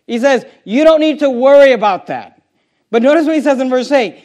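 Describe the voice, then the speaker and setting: Pastor, male, strikingly high pitch; emphatic, combative pulpit delivery that drives points home by repetition. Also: fairly quick, a little mellow. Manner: emphatic and confrontational, repeats key phrases. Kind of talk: sermon.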